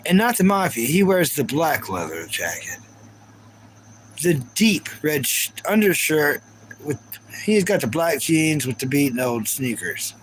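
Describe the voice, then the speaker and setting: A man hosts a live stream in a somewhat high, sing-song voice at a measured pace, rambling casually with lots of fillers while reading chat. The recording is low quality, with a little hiss or hum.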